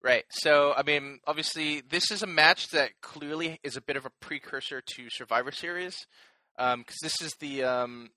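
A man's voice: fairly high pitch, moderate pace, pushed and bright, no room sound, low-quality recording. A man co-hosting a casual podcast chat, rambling with lots of fillers and the odd swear. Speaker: podcast co-host.

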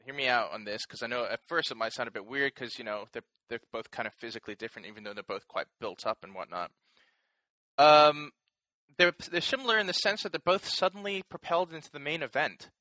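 Rambling, bright-voiced man chatting wrestling. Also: medium pitch, a little fast, no room sound, rough recording. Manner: rambling, swears casually, many fillers. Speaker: podcast co-host. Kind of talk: casual wrestling chat.

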